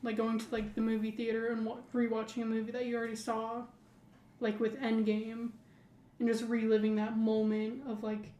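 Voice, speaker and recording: A woman with a fairly high voice chats casually as a podcast co-host. She rambles and fills her speech with "like". The sound is echoey, as if recorded in a bare room. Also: monotone, normal speed, dark tone, lo-fi sound. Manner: rambling, heavy use of "like". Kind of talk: casual chat.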